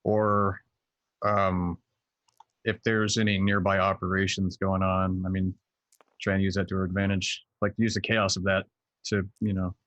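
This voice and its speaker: A man's voice: low-pitched, flat delivery, moderate pace, a bit bright, dry recording. A man playing a tabletop role-playing game, speaking casually and bluntly. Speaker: player.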